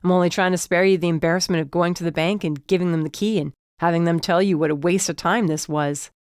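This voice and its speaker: A woman's voice: lowish voice, fairly even intonation, fast, clean tone, dry recording, studio quality, close to an everyday voice. A woman voicing a smug young man who mocks and gloats with a smirk. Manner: smirking, mocking.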